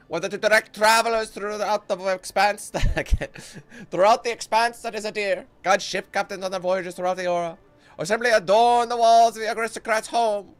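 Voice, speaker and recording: A man's voice: high-pitched, a bit bright, pitched above the performer's own voice. A man putting on a grand, pompous herald voice to read a guild proclamation aloud. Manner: grandiose, announcer-like.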